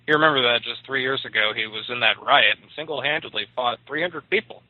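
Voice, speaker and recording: A man's voice: medium pitch, fast talker, dry recording, lightly acted. An eager village neighbor who needles his friend to come and watch a duel, as a male storyteller puts him on. He talks in a keen, gossiping way. The sound is narrow and phone-like, and dry. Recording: tinny dry phone line.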